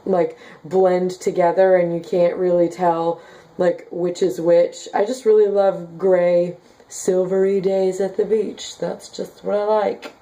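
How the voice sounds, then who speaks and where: Brief: young woman vlogger, Midwestern base with a light Southern lilt, mellow tone, chatty and filler-heavy. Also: fairly low pitch, little pitch movement, slow. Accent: slight Southern with Midwestern base. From Kansas. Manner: chatty, many "like" and "um" fillers, giggly. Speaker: vlogger reading viewer comments. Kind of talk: casual chat.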